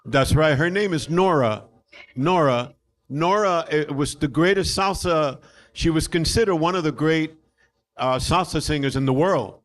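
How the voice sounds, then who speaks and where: A man's voice: fairly high pitch, unhurried. An older male musician whose first language is Spanish, talking loosely and repeating himself as a guest on a live panel. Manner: loose, repetitive, laughs often, trails off. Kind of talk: live panel discussion, storytelling.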